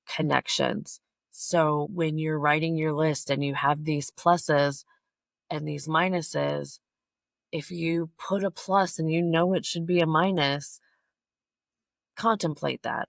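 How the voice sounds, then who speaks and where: A middle-aged woman talks straight to her listeners in a candid, blunt, conversational way, as a podcast host on personal growth. Her voice has a gravelly fry to it, and it sounds dry and close. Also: no echo. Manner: candid, blunt and conversational, acting out quoted people in a higher voice. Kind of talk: solo personal growth talk.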